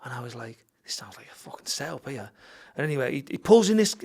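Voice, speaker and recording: Here a middle-aged gym owner and fighter recounts a tale on a podcast in a medium-pitched, very animated voice that runs fast with a slightly mellow quality. He curses liberally and acts out the dialogue as he goes.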